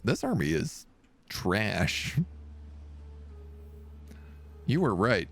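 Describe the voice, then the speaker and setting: Gravelly, animated man streaming a strategy game. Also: fairly low pitch, normal speed. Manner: playful, talks to his units, silly sound effects. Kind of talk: casual live gameplay commentary.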